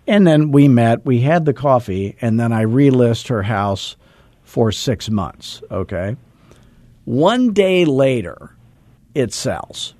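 Warm-voiced man in his sixties telling stories. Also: medium pitch, unhurried, no room sound. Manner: animated, acts out quoted dialogue; self-deprecating, chuckles often. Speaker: real estate coach. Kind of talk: casual storytelling on a coaching call.

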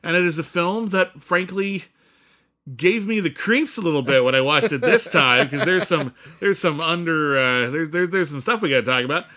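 A man co-hosting a casual film podcast as a critic, chatty and quick to laugh, with many fillers. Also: a little high, sharp tone. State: sore side, hurts to laugh.

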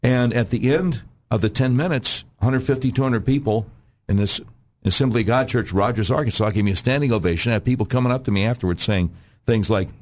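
A man appears as a candidate on a radio talk show, making an emphatic campaign pitch. He talks fast and often clears his throat.

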